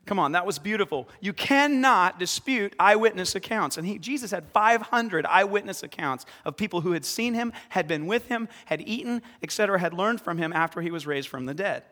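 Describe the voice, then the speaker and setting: A man preaching as pastor in a church, lively, acting out scripture scenes with sudden shouts. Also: high-pitched, fairly quick, hardly any pauses. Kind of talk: sermon. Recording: long reverb of a hall.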